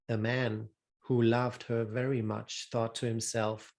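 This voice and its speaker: Slow, measured male storyteller. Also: medium pitch, level tone. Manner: slow, measured, deliberate reading. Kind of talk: reading a fairy tale aloud.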